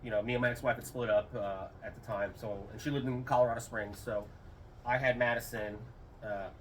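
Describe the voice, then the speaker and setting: A man's voice: mid-range voice, fairly quick. A middle-aged man, a retired airman, telling rambling stories in a casual interview. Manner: rambling, animated quoting with raised voice. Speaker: interview guest, retired Air Force. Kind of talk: casual storytelling. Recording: slightly distant mic, faint room noise.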